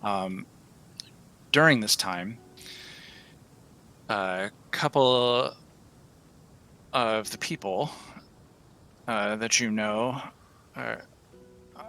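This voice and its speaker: A man narrating a tabletop game as game master, halting with many fillers. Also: on the low side, bright, forceful tone.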